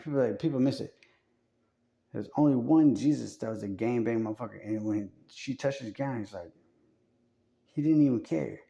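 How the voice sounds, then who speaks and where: A man's voice: medium pitch, creaky, dark tone. A man talking in a casual, rambling monologue, profane and full of fillers and restarts.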